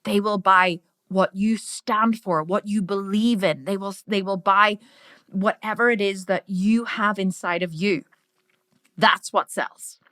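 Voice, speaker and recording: A middle-aged woman with an Irish accent giving a loud, brash business training talk, swearing freely. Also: mid-range voice, fairly even intonation, measured pace, dry recording, clean studio sound. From Ireland. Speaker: business coach.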